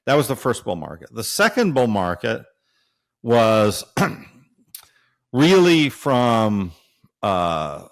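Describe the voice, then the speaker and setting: Low-voiced man thinking aloud. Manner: thinks aloud, tags points with "right?"; frequent hesitations and fillers. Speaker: guest analyst. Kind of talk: interview answer, explaining.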